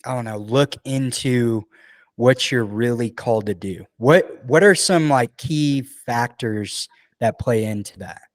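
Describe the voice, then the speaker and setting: A man hosting a casual podcast conversation, asking questions and cutting in with relaxed jokes. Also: medium pitch, unhurried. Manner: relaxed, joking interjections. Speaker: podcast host.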